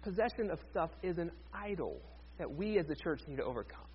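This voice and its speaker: A man's voice: a little high, very animated, brisk, muffled recording, slight background noise. A man, a pastor, preaching a sermon in a conversational way with joking asides to the congregation.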